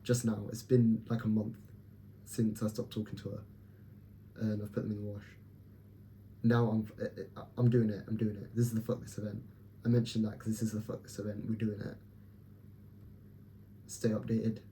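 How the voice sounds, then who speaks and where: Young male vlogger, low, very dark and mellow voice, blunt and profane, talking himself up straight to camera. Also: slight background noise. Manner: blunt, profane, self-motivating pep talk. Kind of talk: candid personal vlog.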